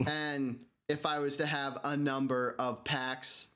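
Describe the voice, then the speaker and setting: A man's voice: mid-range voice, level tone, bright, forceful tone. A man co-hosting a casual podcast, joking around and slipping into silly voices, recorded at home. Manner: jokey, puts on quick silly voices. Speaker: podcast co-host. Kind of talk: casual chat. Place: echoey apartment. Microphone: studio mic with headphones.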